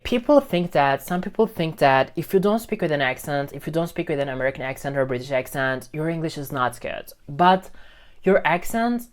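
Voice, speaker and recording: A man who teaches English gives an informal lesson straight to the camera on a phone. He speaks emphatically, repeats himself, and keeps checking in with "okay?". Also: fairly high pitch. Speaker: English teacher and video host. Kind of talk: talking-head lesson to camera.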